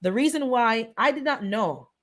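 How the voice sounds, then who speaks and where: A woman's voice: a little high, lively intonation, normal speed. Earnest woman pleading with her viewers. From Caribbean, of Jamaican descent. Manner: earnest, pleading, repeats herself for emphasis. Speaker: host of a live wellness chat. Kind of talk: casual live-stream chat.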